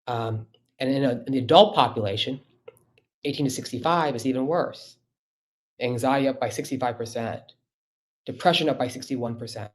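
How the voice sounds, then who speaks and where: A man's voice: mid-range voice, normal speed, long pauses. A middle-aged man, a physician, giving a conversational webinar talk over a computer mic, emphatic and often checking in with rhetorical questions.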